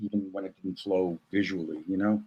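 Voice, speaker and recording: A man speaking as a guest in a casual interview, thoughtful and halting, with many fillers and restarts. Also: low-pitched, steady tone, warm tone, husky, muffled recording.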